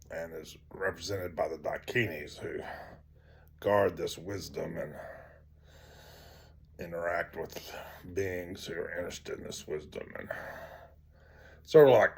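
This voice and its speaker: Slow, gravelly-voiced man telling a story. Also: deep voice. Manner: rambling, many fillers, dips to near-whisper. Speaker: teacher of tantric practice. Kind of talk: storytelling teaching talk.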